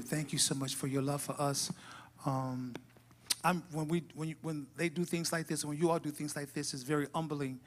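A man who is pastor, giving church announcements and then leading a fervent, rising prayer in a church. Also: a little high. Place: church sanctuary.

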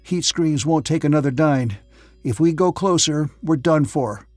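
A man's voice: on the high side, measured pace, darkish tone, no room sound, soft background music, voice pushed up, natural voice. A male narrator voicing an engine-room hand who is choking and out of breath. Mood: gasping.

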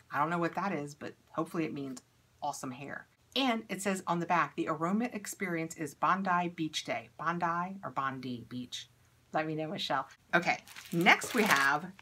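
A woman's voice: sits low, bright, forceful tone, slightly rough. A woman chatting casually to camera while unboxing and trying beauty products, upbeat and thinking aloud as she goes.

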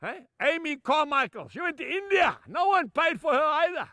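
An older man preaching a sermon, emphatic, swinging from shouts down to soft, low asides and calling his listeners "folks". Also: very animated, normal speed, dry recording, studio quality.

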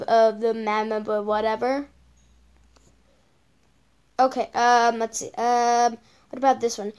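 A woman's voice: on the high side, smooth. A female channel host giving casual reaction commentary on videos, rambling with lots of repeated okays and ums.

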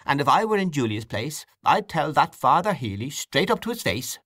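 A man's voice: fairly high pitch, big pitch swings, moderate pace, a bit bright, no room sound, studio quality, voice pushed up. A man voicing a huffy old aunt. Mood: indignant. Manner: huffy, scolding. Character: indignant elderly aunt, a fussy old woman.

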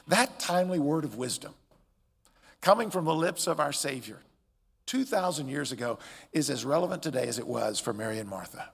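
Man, pastor, sermon, high voice, long church reverb. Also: a little fast, gravelly, slightly rough. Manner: expressive, swings between loud emphatic peaks and quiet drops. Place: church sanctuary.

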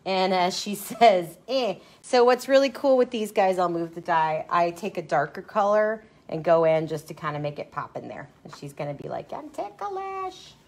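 A dog groomer with a medium-pitched, darkish voice leads a live-stream tutorial on dye techniques from her grooming salon. She chats as she works, pokes fun at herself and laughs often.

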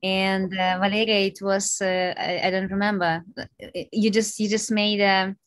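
A woman with a Ukrainian accent hosts a writing workshop, speaking haltingly with many fillers. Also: mid-range voice, flat delivery, no echo. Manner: hesitant, many fillers and restarts. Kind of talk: casual remarks to an audience.

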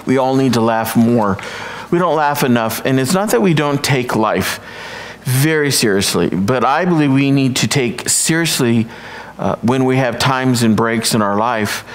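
A man speaks from a church sanctuary, leading prayer in an unhurried, affirming rhythm. He turns playful and hams up groan-worthy jokes for his congregation. His voice sits at an ordinary middle pitch. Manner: playful, hamming up corny jokes; slow, affirming prayer cadence. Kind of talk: prayer and sermon.

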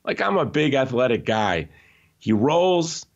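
Animated man telling stories, muffled audio. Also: mid-range voice, unhurried, gravelly. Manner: animated, emphatic storyteller with frequent restarts. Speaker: interview guest. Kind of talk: conversational podcast interview.

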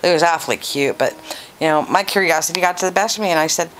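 A woman telling a long joke as a folksy, drawn-out story. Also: sits low, slight background noise, low-quality recording. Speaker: joke teller.

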